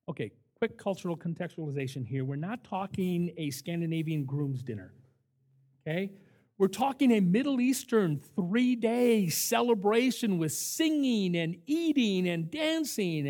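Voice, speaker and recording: An older man preaching to a camp crowd in a fairly high voice. He is an emphatic storyteller who throws himself into each anecdote. He swings between lively bursts and quieter, earnest stretches. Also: gravelly. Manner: animated, emphatic storyteller who acts out quotes. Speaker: camp director. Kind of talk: sermon with storytelling.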